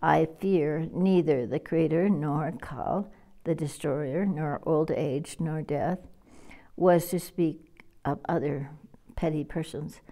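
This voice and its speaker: A woman's voice: deep voice, mellow. A woman reading as a stern old sage. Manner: solemn, measured reading. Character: stern old male sage laying a curse. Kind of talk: scripture reading.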